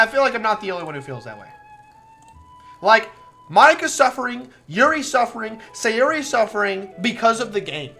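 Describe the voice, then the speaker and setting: A woman's voice: lowish voice, fairly bright tone. Ranting, swearing female game streamer. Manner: heated, swearing ranting with quick stumbling restarts. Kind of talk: live game commentary and reading.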